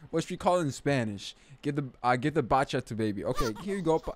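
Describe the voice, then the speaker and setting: A young man casually commenting while he plays a game, slangy and animated, breaking into loud excited outbursts. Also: mid-range voice, quick pace, few pauses, slight background noise. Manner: slangy, says bro and man. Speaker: gaming YouTuber. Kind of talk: casual let's-play commentary.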